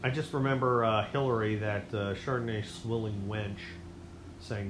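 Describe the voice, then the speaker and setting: A man hosting his own show, delivering a rambling, sarcastic political monologue that swings between loud outbursts and low mutters. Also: fairly even intonation, moderate pace, reverberant, noisy background. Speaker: podcast host.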